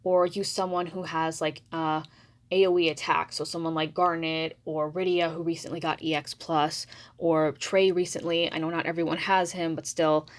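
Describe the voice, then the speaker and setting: A deep-voiced woman with little pitch movement talks at a moderate pace, and the audio is poor. She creates mobile game videos, and her casual commentary for the channel is hesitant and rambling as she trails off and calls herself mumbly.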